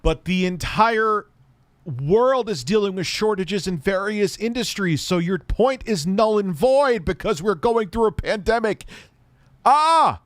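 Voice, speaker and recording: A man's voice: sits high, lively intonation, a little slow, no room sound. A man hosting a reaction video, talking back at the clip in casual, profane, sarcastic commentary and muttering asides.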